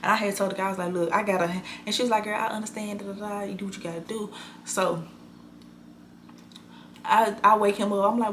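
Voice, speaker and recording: A young woman telling a storytime vlog, blunt and animated, swearing freely in casual slang. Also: mid-range voice, fast talker, slight background noise.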